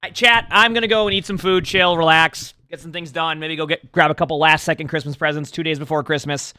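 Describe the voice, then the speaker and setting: A man's voice: on the high side, fairly even intonation, fairly quick, sharp tone, clear, resonant tone, no room sound, clean studio sound. A man streaming live, rambling casually and talking to his chat. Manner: rambling, chatty, talks to chat.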